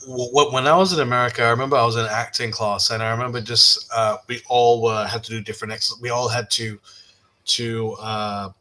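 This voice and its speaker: A man in casual conversation, telling relaxed anecdotes with lots of fillers and restarts. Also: mid-range voice, a little fast, low-quality recording. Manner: relaxed storyteller, fillers and repeated starts. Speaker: podcast guest. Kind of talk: casual chat.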